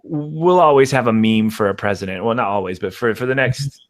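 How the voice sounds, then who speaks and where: A man's voice: medium pitch, fairly quick. A man talking as a guest on a casual online podcast, joking crudely and laughing a lot. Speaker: guest content creator.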